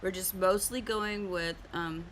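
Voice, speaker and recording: A woman at a mid pitch, talking casually as she draws and explains shading. She chats along with little fillers and breaks into laughter at herself often. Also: steady tone, measured pace, fairly bright tone, slight background noise. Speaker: art stream host. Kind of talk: casual chat while drawing and teaching.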